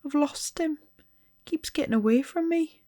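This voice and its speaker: A woman's voice: a little high, lively intonation, moderate pace, darkish tone, pitched above the performer's own voice. Woman doing a tearful Geordie boy. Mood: miserable. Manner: plaintive, wailing. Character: tearful anxious young boy with a Newcastle accent. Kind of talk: read-aloud storybook voice.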